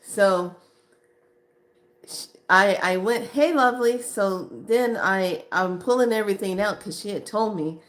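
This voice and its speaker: A woman vlogger telling a casual story in an animated way, acting out what people said and laughing often. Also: mid-range voice, normal speed. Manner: animated, acts out quoted voices, laughs often.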